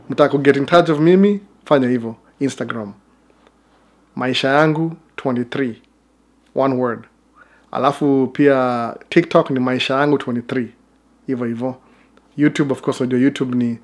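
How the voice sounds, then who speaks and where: A man with a Kenyan accent talks casually to his camera at a rapid clip. His mid-range voice wanders through chatty asides, with an easy, rambling flow. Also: medium pitch. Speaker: vlogger.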